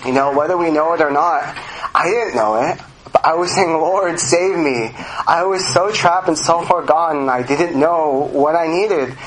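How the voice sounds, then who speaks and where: Young man, earnest church testimony, slightly high voice, noisy recording. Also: normal speed, fairly bright tone. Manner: earnest, chatty, many fillers. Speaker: church member sharing testimony. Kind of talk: personal testimony. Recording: noisy background.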